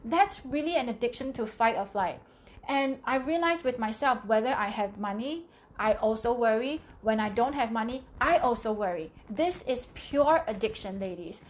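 A woman's voice: fairly high pitch, lively intonation, normal speed. A middle-aged woman vlogging to camera about money, talking candidly and emphatically and often repeating her phrases. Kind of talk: casual talk to camera.

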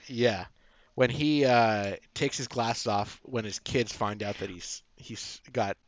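A man co-hosting a casual movie review podcast, talking in an easygoing, halting way. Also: mid-range voice, dry recording, lo-fi sound. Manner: easygoing, halting, laughs along. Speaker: podcast co-host.

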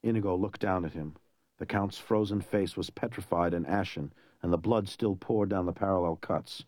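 A man reading a novel aloud in an even, measured storytelling voice. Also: low-pitched, dry recording. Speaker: reader. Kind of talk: audiobook narration.

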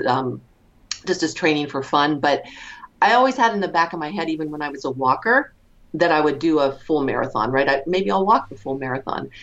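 A woman in her fifties with a low voice, speaking as an interview guest. She talks reflectively, often pausing with fillers and restarting her sentences. The recording sounds dull and lo-fi. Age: 50s. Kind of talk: conversational interview.

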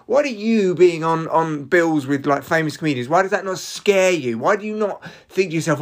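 A man, a comedian hosting his own podcast, rambling solo with hyper energy, restarts and excited jumps in his voice. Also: on the high side, normal speed, few pauses.

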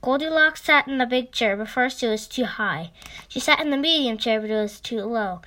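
A woman reading a children's story aloud, gently addressing young listeners. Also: a little high, moderate pace, poor audio. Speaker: storytime reader.

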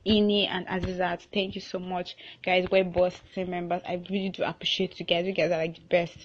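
A woman's voice: lowish voice, little pitch movement, a little fast, lo-fi sound. A young woman with a Nigerian accent, hosting her own casual podcast. She chats loosely, restarts often and laughs between thoughts. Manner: chatty, with frequent restarts and laughter. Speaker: podcast host.

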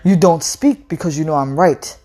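A woman's voice: sits low, normal speed, faint music behind. A woman doing a furious bellowing father. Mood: furious shouting. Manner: bellowing, accusing, loud. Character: furious shouting Nigerian father, middle-aged man.

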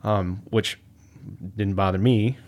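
A man's voice: on the low side, slow. A man, an Army veteran, telling stories in a podcast interview, acting out quotes and laughing often. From United States. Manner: animated storyteller, acts out quotes, laughs often.

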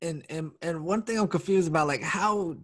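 A man's voice: fairly high pitch, moderate pace, fairly bright tone, dry recording, studio quality. A man hosting a podcast in a casual chat, agreeing with his guest in an incredulous, profane way. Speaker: podcast host.

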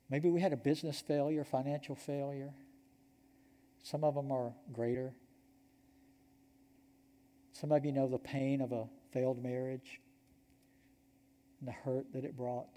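A Georgia-accented pastor preaching in a church sanctuary, his voice warm and mellow. He tells the story earnestly and sinks to a soft hush on the points that matter. A long hall reverb hangs on each phrase. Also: on the high side. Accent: Georgia, US Southern. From Georgia, United States. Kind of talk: sermon.

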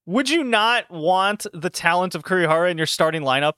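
A man hosting a casual podcast, animated and laughing often, with rambling asides. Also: sits high, clean tone, dry recording, studio quality. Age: adult with a university degree. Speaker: podcast host reviewing wrestling shows. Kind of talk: casual chat.

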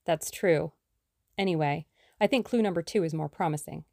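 A brisk, bossy young woman sleuth from a storybook, as a woman reader puts her on. She speaks emphatically and decisively in a low, gravelly voice. The recording is close and dry. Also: a little mellow, no room sound.

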